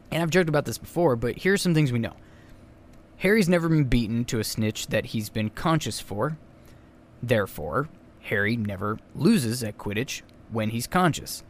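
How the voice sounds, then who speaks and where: Young man, solo podcast host, mid-pitched, casual and rambly, faint hiss behind. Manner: chatty, rambling, self-correcting asides.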